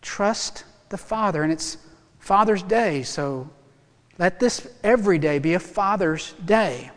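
Male pastor, high-pitched, lively sermon delivery with humor, recorded in a echoey sanctuary. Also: measured pace. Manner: animated, emphatic preaching with humor.

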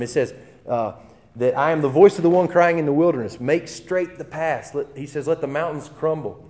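A man preaching a sermon in a relaxed, conversational way, with fillers and restarts. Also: mid-range voice. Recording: long hall reverb.

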